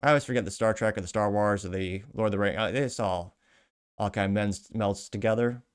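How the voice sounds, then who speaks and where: Guy with a lowish voice reading posts out on his podcast, sarcastic, wanders off into side comments. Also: brisk, smooth. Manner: sarcastic, rambling asides. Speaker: podcast host. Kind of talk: casual commentary reading social media posts.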